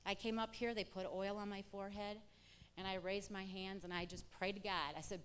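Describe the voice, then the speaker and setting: Middle-aged woman, church testimony, lively storyteller acting out dialogue, long hall reverb. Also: medium pitch, a little fast, smooth. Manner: animated storyteller acting out quoted exchanges. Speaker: church member giving testimony. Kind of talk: personal testimony to a congregation.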